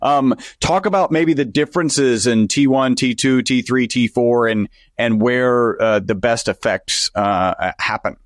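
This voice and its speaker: A man in a mid-range voice hosts a podcast interview. He asks his questions haltingly, with plenty of ums and uhs. The room sound is dry. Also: mid-range voice, no echo. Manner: hesitant questions with fillers. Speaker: podcast host.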